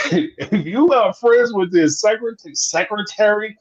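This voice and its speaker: A man's voice: high-pitched, a little slow. A man hosting a casual live-stream chat about a reality TV show, telling stories with lots of acted-out dialogue and frequent laughs. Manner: animated storyteller, acts out dialogue, laughs often. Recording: slightly dull lo-fi sound.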